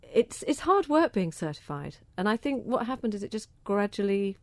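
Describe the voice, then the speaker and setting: A woman's voice: medium pitch, big pitch swings, normal speed, no room sound. A middle-aged woman with a southern English accent, answering interview questions about a cause she cares about in an enthusiastic, chatty way, often repeating words as she starts a thought. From southern England. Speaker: interviewee, organic food campaigner.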